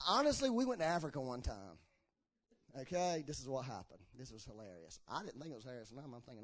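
A man's voice: mid-range voice, fairly quick. A man preaching a sermon in church, telling stories and acting out the people he quotes, with slurred words. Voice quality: slurs his words. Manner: animated storytelling, acts out quoted voices.

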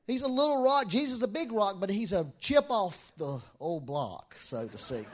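A man preaching a sermon to a congregation in a room, emotional and passionate, swinging from soft talk to shouting. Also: sits high, sing-song, moderate pace, hardly any pauses. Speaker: pastor.

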